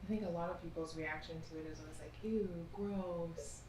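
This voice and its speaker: A woman's voice: deep voice, rapid-fire, slight background noise. A woman in a casual group conversation, speaking earnestly and expressively. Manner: earnest, expressive, quotes others in mock voices. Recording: echoey room from a distance.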